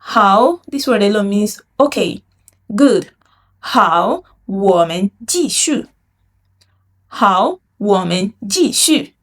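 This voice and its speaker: A woman teaching a Mandarin lesson in English, saying phrases slowly and drawing them out for learners to repeat. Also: medium pitch, lively intonation. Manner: slow, drawn-out model phrases for learners to repeat; explains in English, demonstrates in Mandarin. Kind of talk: language lesson with repetition drills.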